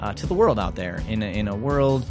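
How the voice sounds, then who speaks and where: A male podcast co-host who chats casually and wanders through his stories, full of ums and little laughs. His pitch swings widely as he talks, and soft music sits faintly behind him. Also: big pitch swings, brisk. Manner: rambling storyteller with laughs and fillers. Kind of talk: casual chat.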